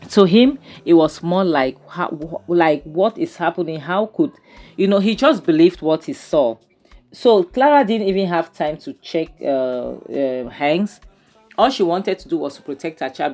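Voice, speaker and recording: A woman's voice: low voice, animated, darkish tone. A woman recapping a film episode in casual commentary. She sounds exasperated and fills her talk with "you know" and "um". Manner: exasperated, talks fast with many fillers and "you know". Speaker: movie reviewer.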